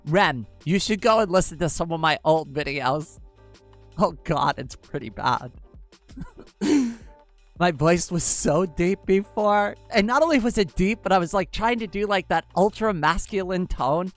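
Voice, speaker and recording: A woman's voice: fairly low pitch, lively intonation, unhurried, no echo, soft background music. A young woman with an androgynous-sounding voice, chatting casually with her livestream viewers and rambling with lots of fillers. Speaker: livestream host. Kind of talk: casual livestream chat, answering chat.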